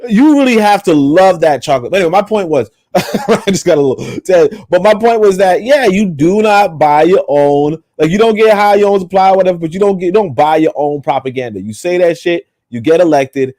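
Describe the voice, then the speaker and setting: A man's voice: high voice, animated, fairly quick, warm tone, no echo. A man in casual chat on a remote call, rambling and profane, full of restarts.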